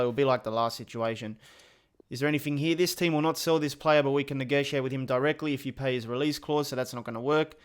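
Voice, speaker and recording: A man's voice: mid-range voice, clean tone. A man giving casual, joking commentary over a football video game. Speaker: gaming youtuber. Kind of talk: gameplay commentary.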